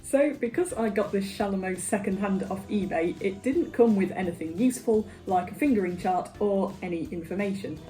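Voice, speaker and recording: A woman's voice: medium pitch, moderate pace, hardly any pauses, dark tone. A woman making a casual music vlog, talking in a dry, self-deprecating way. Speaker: vlogger.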